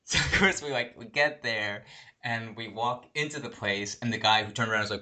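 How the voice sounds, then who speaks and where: Bright-voiced man telling a rambling story. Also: fairly low pitch, brisk. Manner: animated, swears a lot, acts out quoted people. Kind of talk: casual profane storytelling.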